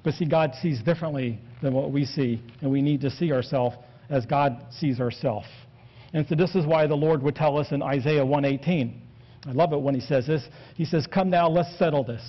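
Man, pastor, earnest sermon, slightly high voice, dull lo-fi sound. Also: normal speed. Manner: earnest, steady preaching with scripture quotes. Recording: dull lo-fi recording.

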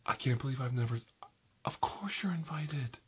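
A man voicing a chatty, oversharing interior decorator in a whispered role-play, rambling and gossiping with sudden high squeals and soft asides. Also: expressive, normal speed, a little hiss or hum, lightly acted. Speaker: ASMR role-play creator.

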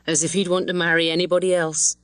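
An ingenuous young village woman talks with plain, tender warmth, as a woman narrator reads her part. Her voice sits slightly low, recorded close and dry. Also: little pitch movement, fast, smooth, no echo, natural voice. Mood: fond, ingenuous.

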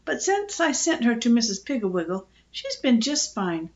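A woman's voice: on the high side, very animated, normal speed, muffled recording. A woman voicing a friendly neighbor mother who chats reassuringly.

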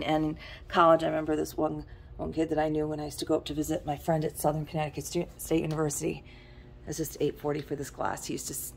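A woman's voice: low-pitched, slight background noise. A middle-aged woman touring an antique shop, chatting casually and rambling into asides between prices. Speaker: antique shop owner giving a tour. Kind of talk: casual walkthrough vlog.

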